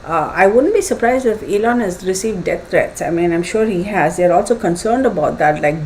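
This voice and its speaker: A woman's voice: fairly low pitch, expressive, normal speed, hardly any pauses, darkish tone, slight background noise, rough recording. A woman doing a casual tarot reading, chatty and thinking aloud with fillers and acted asides. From United States. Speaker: tarot reader.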